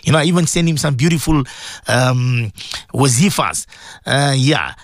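A man, hosting a radio talk show and retelling a story in an animated, repetitive way. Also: mid-range voice, normal speed, no echo, studio quality. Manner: animated storyteller, repeats words and restarts.

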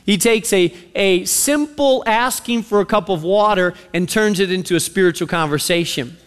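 A male preacher delivering a sermon with animated, conversational storytelling and direct questions to the listeners. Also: sits high, moderate pace, clear, resonant tone, long reverb tail.

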